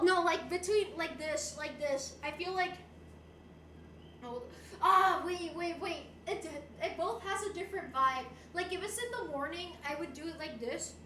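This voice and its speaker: Bubbly high-voiced young woman streamer. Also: bright, forceful tone, slight background noise. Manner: bubbly, giggly, playful. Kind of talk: casual livestream chat, reading viewer messages. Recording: roomy echo.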